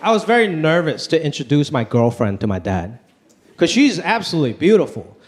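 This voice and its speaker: A young man from Los Angeles doing an animated stand-up set on a comedy club stage into a handheld mic, rising to near-shouts on punchlines. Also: on the high side, brisk. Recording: live club, audience noise.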